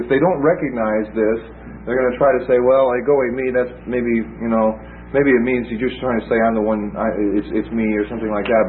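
A man teaching a Bible class, explaining texts with emphasis and taking questions from students. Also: mid-range voice. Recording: tinny lo-fi recording with hiss.

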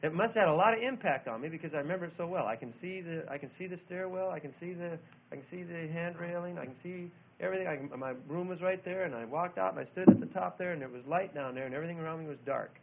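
A man preaching a sermon, telling a childhood story and then reading scripture with loud emphasis. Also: a little high, fast talker, vocal fry. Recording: tinny phone-like old recording.

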